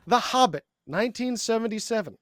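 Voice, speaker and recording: Guy w a high voice running a podcast quiz, drawing out each option, dry close sound. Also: animated, a bit bright, no room sound. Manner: reads quiz options slowly and deliberately. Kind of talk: casual podcast chat.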